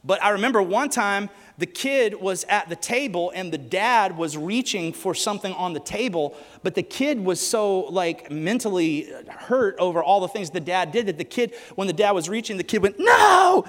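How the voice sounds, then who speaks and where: Animated male preacher, high voice, joking storyteller, echoey church hall, faint music. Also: moderate pace, hardly any pauses. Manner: animated, joking, asks the crowd questions. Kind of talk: sermon with humorous stories.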